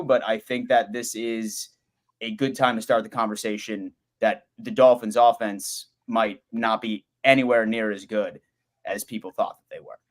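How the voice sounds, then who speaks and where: A man giving an opinionated, deliberate take in a casual sports debate, with many fillers. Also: fairly low pitch. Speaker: roundtable panelist.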